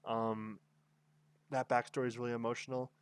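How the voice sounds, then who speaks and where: A man giving casual, excited commentary, rambling with lots of fillers and tag questions as he reviews a story. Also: mid-range voice, normal speed, clean tone, dry recording. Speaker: anime reviewer. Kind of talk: casual tier-list commentary.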